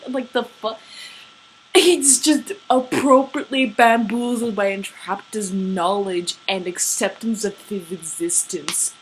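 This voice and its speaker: A woman's voice: mid-range voice, steady tone, slow pace, a little hiss or hum, low-quality recording. A woman gushing about her favorite fictional couple in a casual vlog, swearing freely, gasping and laughing as she goes. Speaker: vlogger. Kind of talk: excited fan rant.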